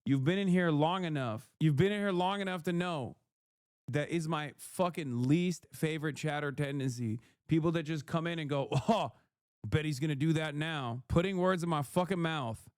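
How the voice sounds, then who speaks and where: A man's voice: fairly high pitch, moderate pace, smooth, no room sound, studio quality. A man streaming, heatedly reacting to and reading out chat messages, swearing often. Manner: heated, profane, reads chat messages aloud. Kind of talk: casual livestream rant.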